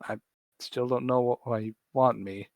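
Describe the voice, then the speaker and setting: A man's voice: medium pitch, steady tone, normal speed, no echo, natural voice. A man voicing a confused young boy who wants to go home. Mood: bewildered. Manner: bewildered, plaintive.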